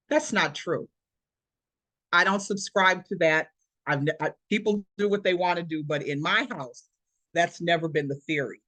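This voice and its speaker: A woman's voice: fairly low pitch, moderate pace, fairly bright tone, no room sound. A woman around sixty giving a motivational talk over a video call as presenter, emphatic and preacherly, repeating her points.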